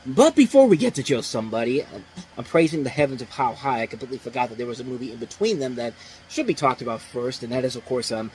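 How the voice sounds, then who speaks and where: A male movie reviewer talking off the cuff at a middle pitch, full of excitement. His voice swings up and down a lot as he rambles, restarts his sentences and breaks into laughs. A faint hiss sits under his voice. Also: fast, poor audio. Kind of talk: casual spoken review.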